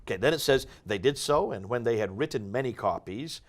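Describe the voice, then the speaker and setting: A man's voice: mid-range voice, animated, brisk. A man hosting a discussion show, reading passages aloud and questioning his guest. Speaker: host.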